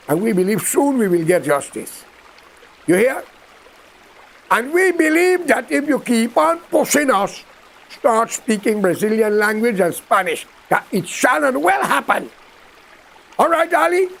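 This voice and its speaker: A man's voice: very high-pitched, gravelly, a bit bright. A Guyanese man giving a combative, scolding political rant aimed straight at a leader, in creole-flavored speech. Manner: combative, scolding, speaks straight at his target in creole grammar. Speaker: political commentator. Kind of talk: direct-to-camera political rant.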